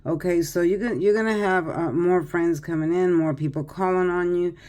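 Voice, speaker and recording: A woman's voice: lowish voice, fairly quick, darkish tone. A tired older woman doing a casual tarot reading, chatty and rambling with many fillers and restarts. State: tired, yawning. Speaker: tarot reader.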